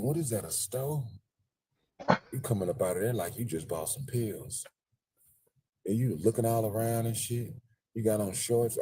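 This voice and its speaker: Husky low-voiced man riffing on a live stream. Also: warm tone. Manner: crude, joking, rambling, swaps into voices. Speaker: livestream host. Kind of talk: casual live street commentary. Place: outdoors outside a store.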